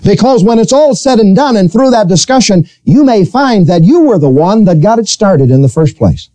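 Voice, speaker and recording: A male pastor preaching a sermon in church, telling a personal story with lively, animated delivery. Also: normal speed, no room sound. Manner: storytelling preacher, animated, rising to high pitch when quoting.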